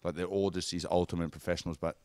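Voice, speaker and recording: An Australian man in his thirties telling stories from his football career in a relaxed, rambling podcast chat. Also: deep voice, fast talker, dry recording. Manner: laid-back storytelling, lots of "like" and "mate". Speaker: former professional footballer guest.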